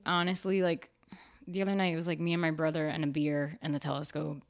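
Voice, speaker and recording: An actor and writer appears as a podcast guest in a casual interview chat, a woman with a lowish voice who talks fast. She tells stories animatedly, peppered with fillers like "like" and "you know".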